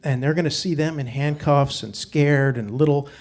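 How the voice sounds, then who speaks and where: A middle-aged man telling a true story on stage, wry and self-mocking, sinking low and quiet on the hard parts. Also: moderate pace. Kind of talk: live personal storytelling. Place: stage before a live audience. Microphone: stage microphone.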